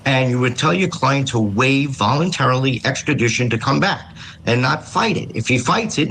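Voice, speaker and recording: A man who is a defense attorney, explaining legal steps in a measured way. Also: mid-range voice, vocal fry, a bit bright, slight background noise, poor audio.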